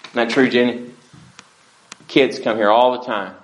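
Male pastor, mid pitch, pleading sermon delivery, roomy church echo. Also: steady tone, a little slow. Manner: earnest, pleading preaching with wide swings in loudness.

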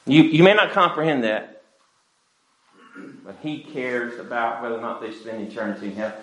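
A man's voice: medium pitch, normal speed, echoey room, rough recording. A pastor preaching an earnest, pleading sermon to his church. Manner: earnest, pleading preaching with wide swings in loudness.

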